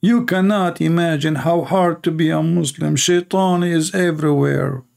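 A man's voice: fairly high pitch, moderate pace, creaky, darkish tone. A man hosting a live stream, mocking and sarcastic, in broken English. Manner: sarcastic, mocking, non-native English grammar. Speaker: debate stream host.

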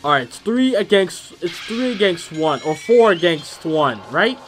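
A man commentating his own video game, hyped and loud, yelling and cursing at the characters on screen. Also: sits high, big pitch swings, unhurried, soft background music. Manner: hyped, profane trash talk; yells at the screen. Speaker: gamer. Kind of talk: let's play commentary.

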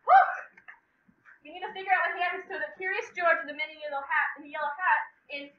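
Teen girl playing an excitable book club host. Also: very high-pitched, fast talker, a little hiss or hum. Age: teens. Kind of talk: high school sketch comedy. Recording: echoey room from far off, dull sound.

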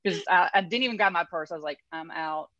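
Woman, low voice, dry close sound, conversational storytelling, interview guest, muffled. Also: very fast, no room sound. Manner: animated, acts out quoted voices.

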